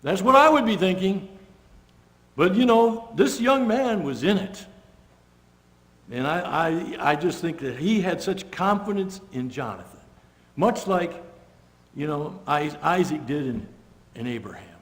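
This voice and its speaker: A man preaching a sermon, telling the story with lively character voices and casual conversational asides. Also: a little high, unhurried, long pauses. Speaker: pastor. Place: church sanctuary. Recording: long church-hall reverb.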